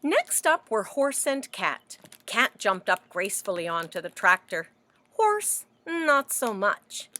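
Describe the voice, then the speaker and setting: A woman librarian reading a picture book aloud to children, animated and asking them questions as she goes. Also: medium pitch, slow pace. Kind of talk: children's story read-aloud.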